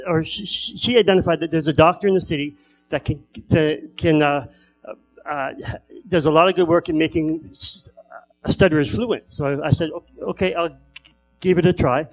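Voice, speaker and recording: A man doing stand-up comedy who stutters, telling stories with repeated word starts and long pauses. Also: a little high, faint music behind, low-quality recording. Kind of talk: stand-up storytelling.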